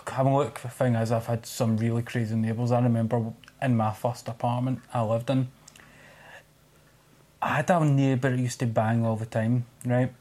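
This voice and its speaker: A man's voice: mid-range voice, flat delivery, moderate pace, dark tone. Chatty, laughing man. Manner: chatty, laughs easily, swears casually. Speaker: podcast host. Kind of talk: casual conversation.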